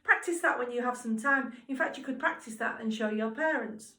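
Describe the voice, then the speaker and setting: A woman teaching a singing lesson to young children, encouraging and speaking slowly and clearly. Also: on the high side, bright, forceful tone. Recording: roomy sound from a distance, music behind.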